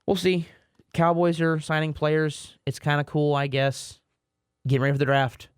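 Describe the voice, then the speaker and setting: A man talks sports on a podcast in a loose, rambling way, stumbling over his words and poking fun at himself. His voice sits a little high for a man. The sound is dry and close. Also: fairly even intonation, normal speed, clean tone, no room sound. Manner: rambling, repeats words, self-mocking asides. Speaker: podcast co-host. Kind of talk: casual sports chat.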